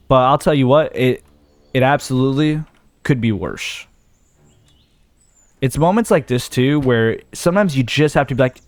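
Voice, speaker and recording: A man's voice: on the high side, no room sound. A young man giving casual let's-play commentary, thinking aloud and talking himself in and out of ideas as he goes. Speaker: gaming video host.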